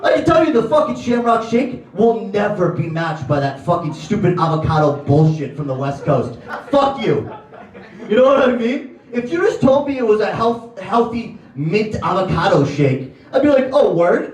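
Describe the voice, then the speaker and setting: A young Connecticut man with a high-pitched, very animated voice performs a profane, ranting stand-up routine in a comedy club at a moderate pace. The recording catches him from a distance in the echoey room.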